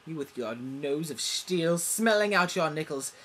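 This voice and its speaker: A pompous soap opera diva, played by a woman in a comic parody, speaking in a low, husky voice with a bright edge. Her pitch swings widely as she overplays every line with mock drama. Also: expressive, measured pace, heavily acted. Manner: overblown, mock-dramatic delivery.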